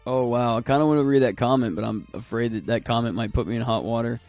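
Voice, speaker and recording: A man's voice: medium pitch, fast talker, darkish tone, soft background music. A man chatting casually and rambling while he plays a video game on stream, laughing often. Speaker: gaming streamer. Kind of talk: casual chat while playing.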